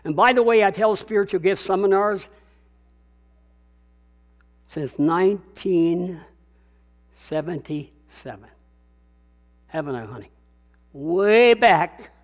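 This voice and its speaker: An older man preaching from the pulpit in a high, lifted voice. He is emphatic and repeats himself. He keeps calling out to the congregation for agreement. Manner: emphatic, repetitive, calls out to the congregation. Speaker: pastor. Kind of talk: sermon.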